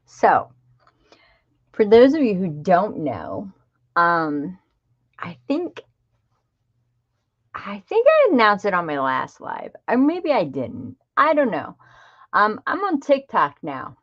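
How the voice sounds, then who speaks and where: A woman's voice: medium pitch, huge pitch swings, slow pace, long pauses, lo-fi sound. A middle-aged woman hosting a craft livestream, chatting casually and greeting viewers by name. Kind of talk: casual live-stream chat.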